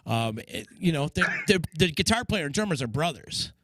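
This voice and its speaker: A man hosting a podcast, relaxed, reading out questions and asking for the story. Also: on the high side, dry recording. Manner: relaxed, quick to follow up with questions. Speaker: podcast host. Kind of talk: casual chat.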